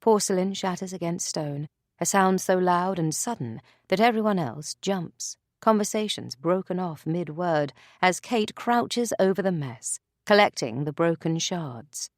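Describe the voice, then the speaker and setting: Low-voiced woman narrating a thriller. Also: lively intonation, a little slow, no room sound, clean studio sound. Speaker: audiobook narrator. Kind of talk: scripted narration.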